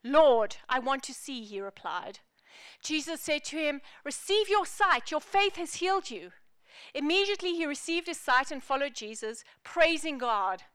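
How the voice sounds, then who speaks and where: A woman pastor preaching a sermon in an animated, playful, emphatic way. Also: high-pitched, moderate pace, no room sound, clean studio sound.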